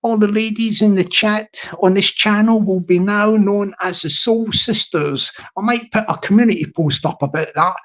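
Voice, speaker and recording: A man hosting a casual live stream, who repeats his phrases and gives shout-outs to his chat. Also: high-pitched, normal speed, few pauses.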